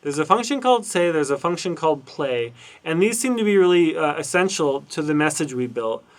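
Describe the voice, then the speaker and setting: A man's voice: on the high side, expressive, fairly quick. A middle-aged man giving a casual recorded university lecture over a screen recording, thinking aloud with frequent fillers and restarts. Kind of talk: casual recorded lecture walking through documentation.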